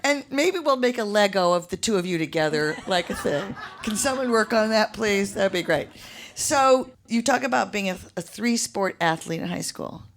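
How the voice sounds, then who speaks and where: A woman hosting a live stage interview, chatty and animated with quick asides. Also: medium pitch. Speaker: host. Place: live venue with audience. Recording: live show with crowd and noise.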